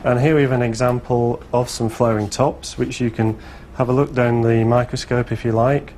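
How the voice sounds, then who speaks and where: Man, forensic scientist, mid-pitched voice, plain friendly explanations, faint noise behind. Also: little pitch movement, moderate pace, a little mellow, rough recording. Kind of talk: guided tour explanation.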